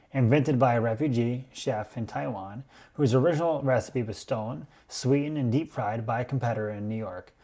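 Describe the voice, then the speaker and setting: Male podcast host, measured storyteller, mid-pitched voice. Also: darkish tone. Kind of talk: scripted explainer podcast.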